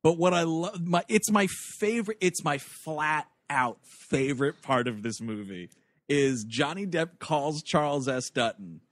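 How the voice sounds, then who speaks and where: Animated man riffing on a movie. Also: fairly high pitch, measured pace, dry recording. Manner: animated, acts out quoted lines, swears casually. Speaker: podcast co-host. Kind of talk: casual movie-discussion chat.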